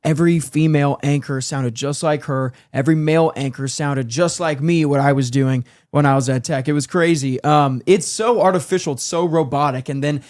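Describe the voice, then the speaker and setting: A man's voice: on the high side, steady tone, normal speed, hardly any pauses, darkish tone, no room sound. A young man co-hosting a casual talk show, blunt and emphatic, wearing headphones at a studio mic. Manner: blunt, emphatic, laughs easily. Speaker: podcast co-host.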